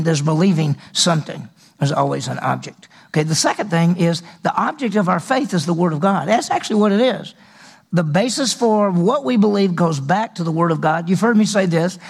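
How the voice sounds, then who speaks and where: Guy pastor preaching, kinda high voice, raspy, acts out little back-and-forths. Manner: conversational preaching with acted dialogues and repetition. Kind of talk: sermon.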